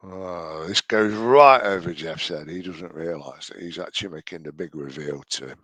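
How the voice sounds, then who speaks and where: Brief: man, lowish voice, deadpan mocking voice-over, dry close recording. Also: normal speed, no room sound. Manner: mocking, sweary, deadpan asides. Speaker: commentator. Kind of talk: sarcastic reaction commentary.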